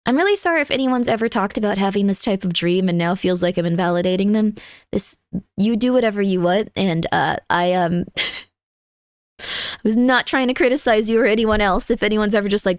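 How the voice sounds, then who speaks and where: A woman's voice: mid-range voice, brisk, clean tone, no room sound, clean studio sound. A woman livestreamer in casual chat, rambling and breaking off her own sentences while she reads out viewer messages. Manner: rambling, scattered, self-interrupting.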